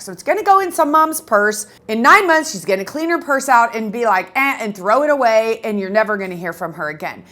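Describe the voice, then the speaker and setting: A lively woman with a fairly high voice that swoops up and down as she coaches her audience. She talks to camera in a casual teaching style, emphatic and animated, and she is middle-aged. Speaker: photography business coach.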